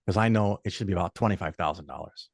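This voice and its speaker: A man's voice: sits low, quick pace, vocal fry, no room sound, clean studio sound. An older man, a podcast guest, telling stories in a casual, blunt and profane way and laying out firm rules. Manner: opinionated, lays out firm rules. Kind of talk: casual storytelling in conversation.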